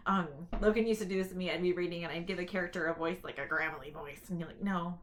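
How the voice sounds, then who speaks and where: In a casual talk to camera, a woman shares advice about reading aloud to kids, explaining things in a chatty way and giving brief read-aloud demonstrations. Her voice is on the low side with fairly even intonation.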